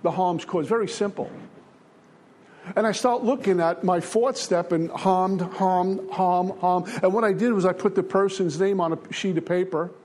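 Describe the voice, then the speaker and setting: A man's voice: high voice, fairly even intonation, normal speed, darkish tone, slight background noise. An older man giving an earnest, repetitive personal testimony as a speaker at a recovery meeting.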